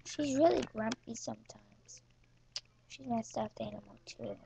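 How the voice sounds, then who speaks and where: A woman's voice: on the high side, measured pace, gravelly, mellow, a little hiss or hum. A woman filming her cats at home, teasing them in a playful way and meowing at them, recorded on a built-in camera mic. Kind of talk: silly home video chat. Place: at home with pets. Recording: dull lo-fi home video.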